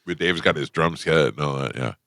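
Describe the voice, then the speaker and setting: A man's voice: a bass voice, brisk, creaky, fairly bright tone, dry recording. A man hosting a radio talk show, reacting with short, dry replies and quips. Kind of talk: casual radio chat.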